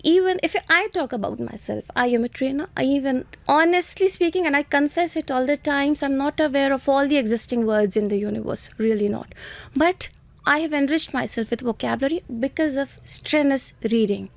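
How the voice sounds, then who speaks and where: A woman's voice: high voice, brisk, vocal fry, dry recording. A woman with an Indian English accent, an IELTS trainer giving earnest, instructive answers in a podcast interview and speaking straight to students.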